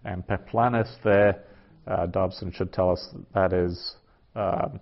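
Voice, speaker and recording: A man teaching a class, working through a translation aloud in a halting way with many fillers. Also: low-pitched, steady tone, vocal fry. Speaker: Greek teacher. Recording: dull lo-fi classroom recording.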